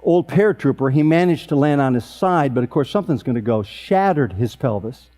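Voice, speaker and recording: A man in his sixties, with a medium-pitched voice and a brisk pace, emcees an awards event. He tells a funny family story deadpan, with sharp comic timing.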